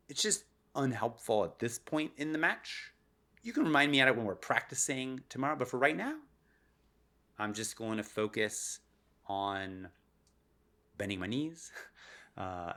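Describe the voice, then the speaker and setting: A man being interviewed on a podcast as a neuroscientist, explaining in an animated way and laughing often. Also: on the low side. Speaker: guest neuroscientist.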